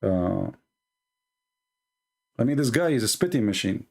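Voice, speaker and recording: A man's voice: mid-range voice, animated, normal speed, vocal fry, pauses often, a little mellow. A man hosting his channel, ranting at viewers in a combative, sarcastic and insulting way. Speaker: channel host. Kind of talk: angry rant to viewers.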